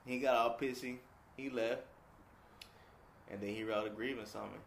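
A man's voice: mid-range voice, fairly even intonation, normal speed, vocal fry. Laid-back swearing male podcast guest. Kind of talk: casual chat. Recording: echoey room with faint background noise.

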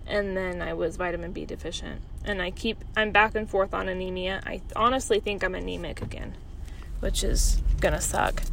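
A woman's voice: mid-range voice, fairly bright tone, slight background noise. A woman vlogger venting with emphasis and exasperation, rambling through a casual story to the camera.

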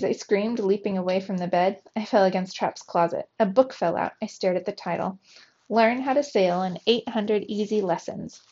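A woman teacher reading a children's adventure story aloud, livening up the dialogue with extra energy. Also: mid-range voice. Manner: lively, voices the dialogue with raised energy. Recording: slightly dull, lo-fi sound.

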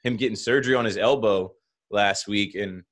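A man hosting a casual sports podcast. He talks in an animated way and laughs often. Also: on the low side, normal speed.

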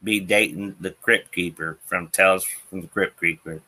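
A man's voice: sits low, steady tone, moderate pace, bright, forceful tone, rough recording. A man hosting his own show, delivering an angry, profane political rant with emphatic repetition. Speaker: political commentary host.

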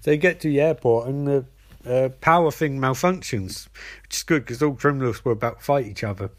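A man rambles through a comic recap, joking and restarting often. His voice sits at a middle pitch. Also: fairly quick.

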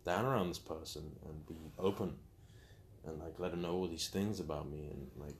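A man's voice: rumbling low, normal speed, a little hiss or hum. A young man speaking candidly as an interview guest, telling his story openly and acting out quotes with animation.

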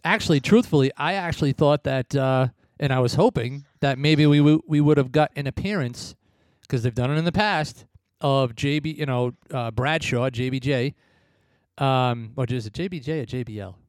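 A man's voice: mid-range voice, normal speed, no room sound, studio quality. A man co-hosting a casual wrestling chat, rambling and blunt, often laughing at his own remarks. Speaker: podcast co-host.

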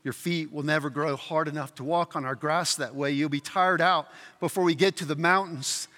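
Man reading a quiet, kindly heavenly man, soft and low, echoing hall. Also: steady tone, normal speed. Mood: gentle. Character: gentle, patient man welcoming from heaven. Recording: reverberant hall.

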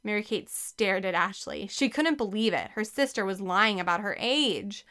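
A woman narrating a children's book with a lively, expressive reading. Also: mid-range voice, moderate pace, clear, resonant tone. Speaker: audiobook narrator. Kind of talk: scripted narration.

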